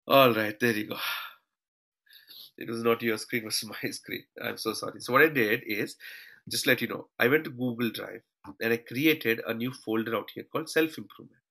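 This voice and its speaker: A man's voice: medium pitch, moderate pace, gravelly, sharp tone, rough recording. A man teaching a live online class over a shared screen, calling his students "team" and tagging his points with "okay" and "all right". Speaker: online trainer.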